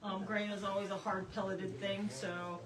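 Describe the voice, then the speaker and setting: A woman guiding a live-stream tour of a horse barn, relaxed and full of "um"s. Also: mid-range voice, moderate pace. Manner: relaxed, many fillers. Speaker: sanctuary guide. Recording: distant mic, crowd around.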